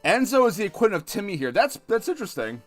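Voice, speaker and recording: A man's voice: high voice, big pitch swings, very fast, faint music behind. A man in his thirties streaming a game, chatting in a loose, rambling way full of restarts. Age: 30s. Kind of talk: casual let's-play chat.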